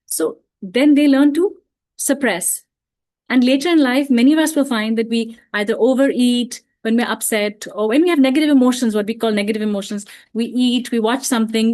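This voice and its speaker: A woman with a fairly high voice speaks gently and reflectively, explaining her ideas at an easy pace. She often says "you know" and restarts her sentences as she thinks aloud. She sounds like she is speaking over a video call. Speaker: parenting talk speaker. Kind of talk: online parenting talk.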